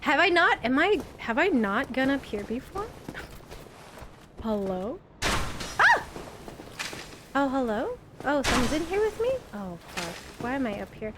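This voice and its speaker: A woman with a high voice talks through a game live at an easy, drawn-out pace, panicking and laughing with her chat. Steady noise hums behind her home setup. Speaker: streamer. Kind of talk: live gameplay commentary.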